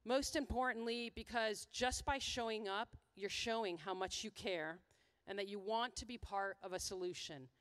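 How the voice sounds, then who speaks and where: A woman's voice: mid-range voice, normal speed, fairly bright tone, smooth. A middle-aged woman from the USA giving a conference presentation, telling a heartfelt story with quoted dialogue. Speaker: conference speaker.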